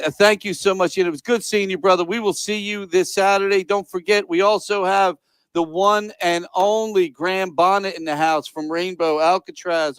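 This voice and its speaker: Talk-show host, male, loose and profane, pitched a bit high, dry studio sound. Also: fairly bright tone, clean tone, no echo, low-quality recording. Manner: loose and profane, laughs often. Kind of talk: casual chat and show promos.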